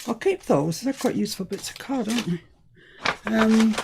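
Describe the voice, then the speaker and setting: A British woman with a mid-range, creaky voice hosts a live crafting demo, chatting at a normal pace as she talks herself through each step. There's some background noise in the recording.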